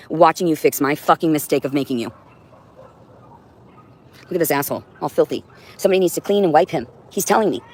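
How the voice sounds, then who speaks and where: Intense profane woman livestreaming. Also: lowish voice. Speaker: livestream host. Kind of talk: rambling livestream monologue. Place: indoors at home with a cat.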